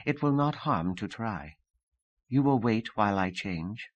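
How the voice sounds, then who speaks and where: A man's voice: on the low side, lively intonation, unhurried, dry recording, highs cut off. A man voicing a proud young woman who speaks in a formal, stiff way. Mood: poised. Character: proud young Russian woman, imperious then charming.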